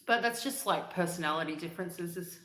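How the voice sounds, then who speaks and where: A woman hosts a casual livestream and chats with viewers in an upbeat, easygoing way. She laughs often and breaks into hummed snippets of songs. Her voice sits on the low side, and the room around her is echoey. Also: fairly quick, fairly bright tone. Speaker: livestream host. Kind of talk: casual livestream chat reading comments.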